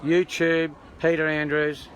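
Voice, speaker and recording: An Australian man with a slightly high voice chats loosely to his online viewers as he walks a city street. He rambles and throws in joking asides. Clear traffic noise from the street runs under the handheld recording. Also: monotone, takes it slowly, fairly bright tone. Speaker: livestreamer at a protest. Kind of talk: casual live stream chat. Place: outdoors on an urban street. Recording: noisy outdoor street recording.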